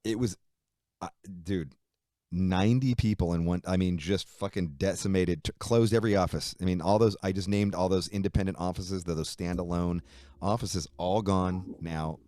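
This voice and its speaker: Deep-voiced man swearing through a story. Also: normal speed, no room sound, studio quality. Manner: profane, animated retelling with frequent fillers. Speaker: musician guest. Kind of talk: casual storytelling interview.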